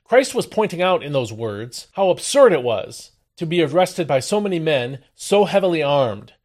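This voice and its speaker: A man hosting a daily devotional, reading a Bible passage aloud and then explaining it, with expressive emphasis on the quoted lines. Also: fairly high pitch, normal speed. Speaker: devotional host. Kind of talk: scripture reading and devotional commentary.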